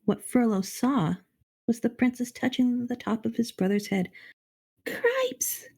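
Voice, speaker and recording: A middle-aged woman reading a children's novel aloud on a charity livestream, expressive and addressing the reader directly. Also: on the high side, moderate pace, gravelly, husky. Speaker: storybook reader on a charity stream.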